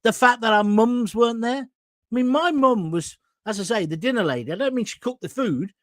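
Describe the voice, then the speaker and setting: A man's voice: very high-pitched, animated, normal speed, no room sound. A man, hosting an online talk show and chatting casually through viewer comments in a blunt, jokey way with crude asides. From England.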